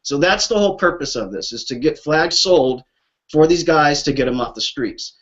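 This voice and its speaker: Speaking on a group call through a lo-fi call line, a man pours emotion into describing his veterans' flag program, swearing bluntly and repeating himself. His voice is a little high and a bit bright, with lively intonation at a moderate pace.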